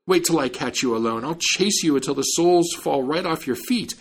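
A man voicing a whining old male peddler in a high, pleading voice. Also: sing-song, normal speed, gravelly, slightly rough, heavily acted. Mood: furious.

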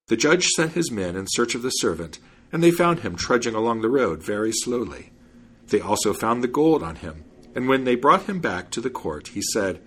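A man reads an old fairy tale aloud, animated and expressive. His pitch moves a lot and his voice has a husky grain. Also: normal speed. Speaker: storyteller.

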